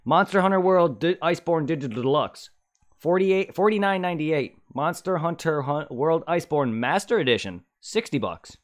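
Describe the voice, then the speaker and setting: A man's voice: a little high, animated, moderate pace. Man rambling casually on a game stream. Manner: rambling, mutters and hums while reading. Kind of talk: casual live-stream gaming chat.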